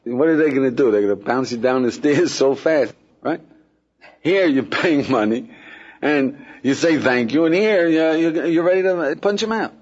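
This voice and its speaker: A man's voice: a little high, normal speed. A man teaching as a rabbi in an informal, conversational lecture, acting out everyday scenes and keeping the class with him through constant questions. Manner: conversational, keeps asking "right?" and "yeah?"; lively, acts out everyday scenes. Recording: dull lo-fi lecture recording.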